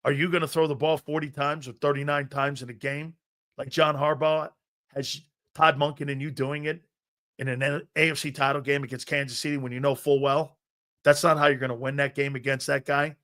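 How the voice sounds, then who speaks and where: Bright-voiced, emphatic sports talk host. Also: male voice, a little high, level tone, fairly quick. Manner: emphatic, argumentative, repeats himself while building a point. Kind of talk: opinionated sports talk on a live stream.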